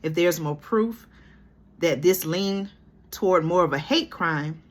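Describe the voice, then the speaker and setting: A Georgia-born commentary vlogger reads a news article aloud at a slow pace, her voice on the low side. Her frequent "okay?" and "y'all" punctuate the commentary.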